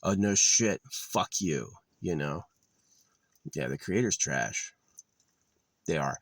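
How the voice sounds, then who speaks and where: A man's voice: on the low side, no room sound. A man in an outdoor vlog delivering an angry, profane, sarcastic rant full of contempt. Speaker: vlogger. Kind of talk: angry ranting monologue.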